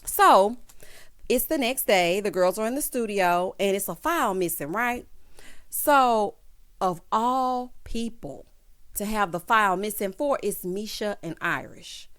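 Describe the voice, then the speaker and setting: A woman recapping a reality show in casual commentary, sassy and animated, calling her viewers "honey" and "child" and acting out quotes in a mocking voice. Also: medium pitch, measured pace.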